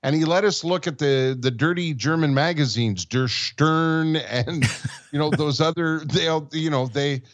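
On lo-fi sound, this podcast co-host talks a little slowly with a fairly high pitch. He's a man in his sixties from Montreal, Canada, chatting casually and spinning rambling childhood tales while laughing as he goes.

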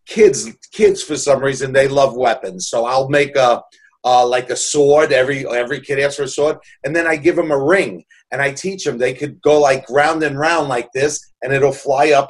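A man, a balloon artist telling heartfelt, rambling stories in a jokey, casual way. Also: medium pitch. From New York, USA. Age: 60s. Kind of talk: casual storytelling.

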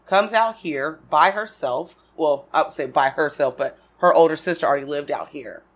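A woman from Oregon talks as a guest in a relaxed interview. She tells her story at an easy pace and lets small laughs slip between her thoughts. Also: deep voice, moderate pace. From Portland, Oregon, USA. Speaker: guest, comedy festival producer and DJ. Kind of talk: casual interview chat.

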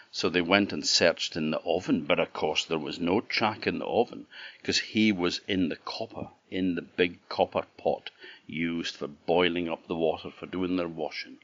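A man from the Orkney Islands, telling a traditional fairy tale in an animated, conversational way with asides to the listener, on a dull, dry lo-fi recording. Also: sits low, moderate pace, dry recording. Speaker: storyteller. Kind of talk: traditional oral storytelling.

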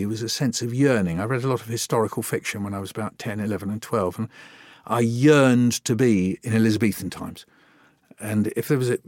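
Older male author, lively anecdotal storyteller, mid-pitched voice, dry sound. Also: no echo. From Britain. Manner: lively anecdotal, acts out remembered dialogue. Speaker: guest, poet and children's author. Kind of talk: conversational storytelling interview.

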